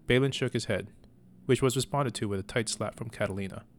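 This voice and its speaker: A man reading a story aloud as narrator, in a measured, even manner. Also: mid-range voice, a little hiss or hum.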